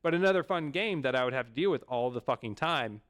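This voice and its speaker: Young adult man, streamer, casual rambling talk, smooth clear voice, mid pitch. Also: expressive, fast, fairly bright tone. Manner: rambling, lots of fillers and restarts. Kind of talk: casual chat.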